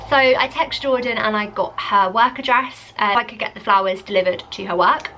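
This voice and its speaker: In a muffled recording with a little hiss or hum, a young woman with a medium-pitched voice talks a little fast to the camera. The vlogger animatedly recounts a story, peppering every line with "like."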